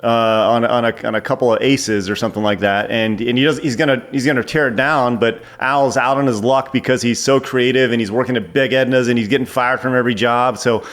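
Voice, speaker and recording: A man chatting excitedly as a guest film reviewer, rambling with frequent restarts. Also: medium pitch, fairly quick, hardly any pauses, soft background music. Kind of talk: casual film review chat.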